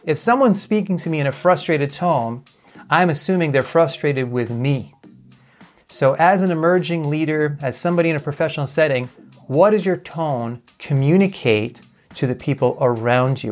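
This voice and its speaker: A man, a communication coach, giving a video lesson and talking straight to viewers in a direct, conversational way. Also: medium pitch.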